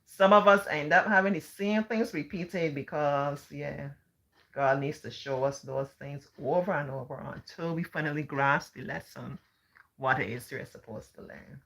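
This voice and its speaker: A middle-aged Barbadian woman chats on her livestream, answering viewers' comments as she goes. Her voice sits low but has a bright, forceful edge. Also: steady tone, moderate pace, gravelly. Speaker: livestream host. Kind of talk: casual livestream chat.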